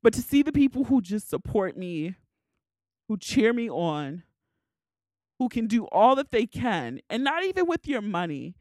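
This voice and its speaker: A woman's voice: fairly high pitch, very animated, measured pace, darkish tone, dry recording. Tearful woman hosting a solo podcast, candid and emotional, dry close mic. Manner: emotional, candid, swears casually. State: tearful, crying. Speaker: podcast host.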